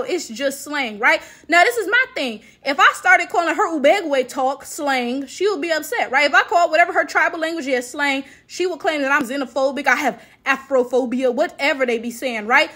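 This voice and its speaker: Woman ranting on her vlog, high bright voice, sarcastic and fed up. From United States. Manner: sarcastic, exasperated, with many rhetorical "right?" checks. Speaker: vlogger. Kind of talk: commentary rant.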